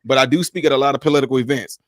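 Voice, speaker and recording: A man hosting a livestream, telling stories in a lively, casual way and laughing often. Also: mid-range voice, very fast, no room sound, studio quality. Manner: animated storyteller, laughs often. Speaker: livestream host.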